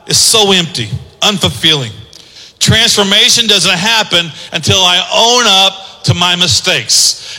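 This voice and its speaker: A male pastor preaching in a church sanctuary, with a high, very bright, cutting voice. He moves from quiet teaching to loud, rising exhortation. A long hall reverb trails his words. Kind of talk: sermon.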